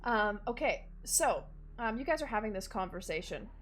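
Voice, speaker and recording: A woman's voice: mid-range voice, very animated, moderate pace, fairly bright tone, slight background noise. A woman narrating a homebrew tabletop game as dungeon master, casual and chatty. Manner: casual, chatty, hesitant fillers.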